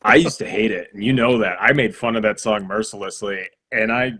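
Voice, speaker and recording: A man in his thirties, a guest on a casual livestream chat, talking in a relaxed, rambling way with fillers. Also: lowish voice, a little fast. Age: 30s.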